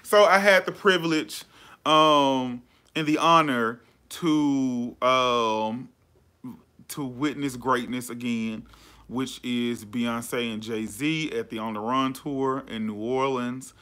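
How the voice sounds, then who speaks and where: Chatty, bright-voiced male podcast host. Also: medium pitch, slow pace. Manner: animated, chatty, lots of slang and fillers. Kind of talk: casual chat.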